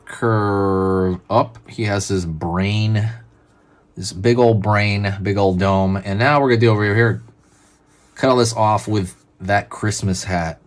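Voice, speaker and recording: A man with a fairly low voice hosts a drawing tutorial. He talks in a relaxed, chatty way, calling out each curve and line as his pen moves. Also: measured pace. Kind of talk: casual step-by-step drawing instruction.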